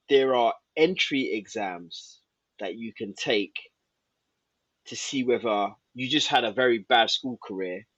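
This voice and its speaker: A man's voice: medium pitch, fairly bright tone, slightly rough, no room sound, dull audio. A man, a podcast guest telling a story and acting out old conversations.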